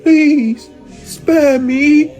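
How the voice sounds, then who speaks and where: A man's voice: very high-pitched, fairly even intonation, drawn-out words, darkish tone, soft background music, voice pushed up, exaggerated voice. A man putting on the voice of a pitiful peasant beggar, whimpering and pleading.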